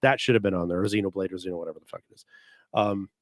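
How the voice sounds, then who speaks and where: A man's voice: low voice, very fast, dry recording, studio quality. A man co-hosting a podcast, talking in an opinionated, emphatic way and swearing freely in casual chat. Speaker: podcast co-host.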